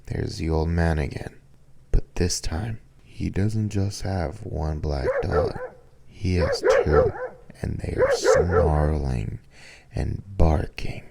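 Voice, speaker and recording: A young man hosting a podcast, telling a scary story in a slow, relaxed manner. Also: low-pitched, creaky. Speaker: podcast host.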